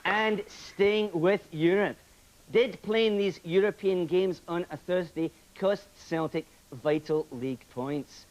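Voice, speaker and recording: A man's voice: high-pitched, slow pace, highs cut off, very noisy. A man playing a dry, sarcastic football show presenter in a comedy sketch. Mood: sardonic. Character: sardonic Scottish football show host, man.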